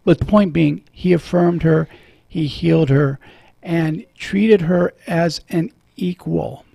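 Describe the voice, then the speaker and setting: A man's voice: on the high side, slow, vocal fry, warm tone, dry recording. A middle-aged man hosting a radio talk show from a studio, earnest and preacherly, moved when he quotes scripture.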